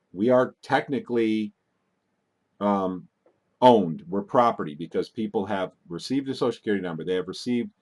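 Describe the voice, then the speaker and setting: A man's voice: lowish voice, a little mellow. A man hosting a call-in talk show, rambling and getting worked up, with many restarts.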